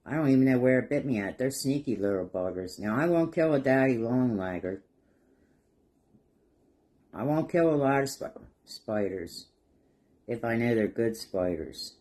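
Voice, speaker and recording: A man's voice: mid-range voice, expressive, normal speed, mellow. A middle-aged man with an ordinary, mid-range voice chats casually over a painting project. He wanders off into homespun stories and chuckles often, keeping an easygoing, down-home manner. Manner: rambling, folksy, chuckles through stories. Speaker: craft vlogger. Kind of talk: casual storytelling while painting.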